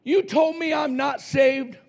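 Preacher doing a high, shouting devil, caught out and baffled. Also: male voice, steady tone, takes it slowly, gravelly, exaggerated voice. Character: mocking devil caught in his own lies.

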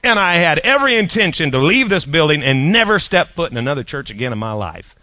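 Folksy male preacher, bright forward tone, close dry recording. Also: fairly high pitch, very animated, quick pace, no echo. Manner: folksy, conversational with rhetorical questions to the audience. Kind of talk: sermon storytelling.

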